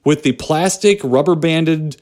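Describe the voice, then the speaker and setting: A man's voice: fairly high pitch, unhurried, darkish tone. A man co-hosting a podcast, chatting about movies in a joking, rambling way. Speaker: podcast co-host. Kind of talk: casual movie chat.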